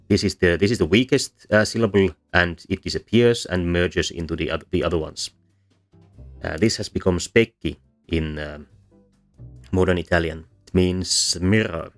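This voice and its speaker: A man with a very low voice talks through a lesson in voice-over. He pauses often, with plenty of ums and uhs and restarted phrases. Faint music plays behind him. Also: steady tone. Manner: hesitant, many fillers and restarts. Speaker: language history explainer.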